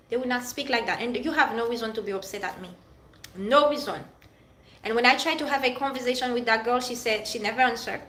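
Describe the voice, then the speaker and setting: A higher-voiced woman with as her talks straight at the camera, addressing someone who wronged her. Her voice rings around a bare, echoey room. Faint hiss sits under the recording. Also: pushed and bright. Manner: direct, addresses an absent friend. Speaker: vlogger. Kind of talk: emotional personal vlog rant.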